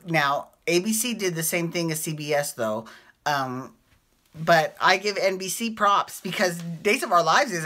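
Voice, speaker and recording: A woman recapping soap operas in a loose, chatty vlog rant, with swearing and gushing throughout. Her voice sits fairly low but swings widely up and down. The tone is bright and sharp. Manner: animated, profane, gushing.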